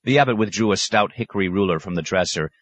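A man reading a novel aloud as narrator, in a measured, even manner. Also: sits low, no room sound, dull audio. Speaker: audiobook narrator. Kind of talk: scripted narration.

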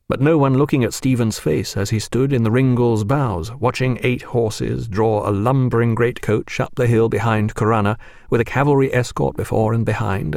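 A man narrating an audiobook in expressive storytelling style, close to the microphone. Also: medium pitch, vocal fry, no echo. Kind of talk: scripted narration.

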